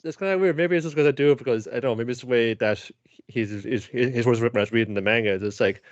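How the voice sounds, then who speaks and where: A man co-hosting an anime podcast, animated and jokey in casual chat. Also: medium pitch, fast, dry recording, dull audio. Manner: animated, jokey, puts on voices. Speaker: podcast co-host.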